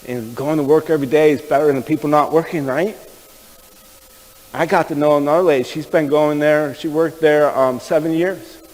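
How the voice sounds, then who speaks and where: A man's voice: fairly high pitch, fairly even intonation, normal speed, a little mellow, long reverb tail, low-quality recording. Folksy male pastor preaching. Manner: folksy, conversational, addresses the men in the room. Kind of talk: sermon storytelling.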